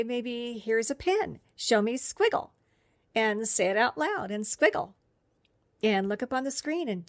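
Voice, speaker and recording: A woman speech therapist gives a friendly, explanatory professional development talk in the style of an instructional podcast. Her voice sits fairly high, she laughs now and then, and there's no echo.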